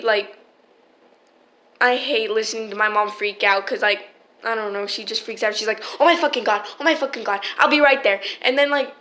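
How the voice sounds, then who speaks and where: A woman's voice: high-pitched, pushed and bright. A teenage girl telling a rambling, swear-filled storytime into her phone, full of restarts. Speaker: vlogger. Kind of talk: casual storytime.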